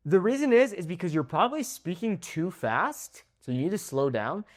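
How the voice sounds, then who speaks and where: A young man teaches Spanish pronunciation straight to the camera. His pitch swings widely as he models each word slowly. He keeps checking in with a quick "okay?" between words. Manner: slow, drawn-out model words, frequent "okay?" check-ins.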